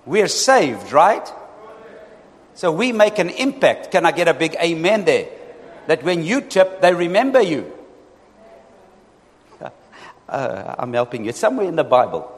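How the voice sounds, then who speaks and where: A male pastor preaching a lively sermon, often calling out to his congregation for responses. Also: a little high, measured pace, long pauses. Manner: animated, asks the congregation for responses. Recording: long reverb in a hall.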